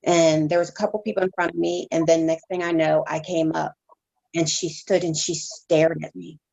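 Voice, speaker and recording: A woman reverend telling her personal testimony as an interview guest, in a halting, heartfelt way with many restarts. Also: deep voice, flat delivery, vocal fry, a little mellow.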